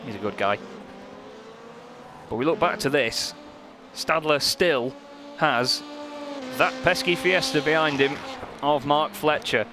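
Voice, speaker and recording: A man's voice: on the high side, takes it slowly, long pauses. Man commentating over roaring cars. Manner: lively, joking, gets excited at close moments. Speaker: race commentator. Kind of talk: sim racing commentary. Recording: commentary over loud race car noise.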